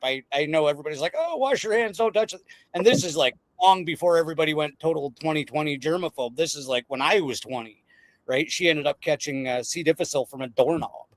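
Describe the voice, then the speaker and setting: A man hosting a casual podcast chat, excitable and rambling, often breaking into laughter. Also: fairly high pitch, quick pace, dry recording. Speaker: podcast host.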